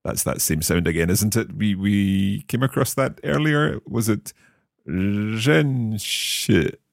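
A man, co-hosting a language lesson as the curious learner who asks questions and repeats phrases slowly. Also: on the low side, creaky, dry recording, studio quality. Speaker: learner co-host.

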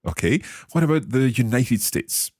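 A man hosting a language lesson podcast, asking questions and slowly repeating practice phrases after the teacher. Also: mid-range voice, very animated, a little mellow, husky, no echo, studio quality. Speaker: podcast host learning Mandarin.

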